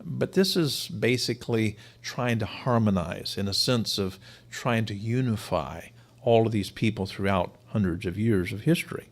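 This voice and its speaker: A man's voice: lowish voice, moderate pace. A man teaching to a live audience, explaining his points emphatically and sometimes repeating words for stress. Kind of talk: live-streamed lecture.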